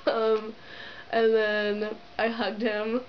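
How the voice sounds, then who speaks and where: Speaking extremely slowly in a fairly high, sing-song voice, a young vlogger gushes through a story to her camera, giggling and leaning on "like" fillers. The audio is dull lo-fi camera sound with slight background noise.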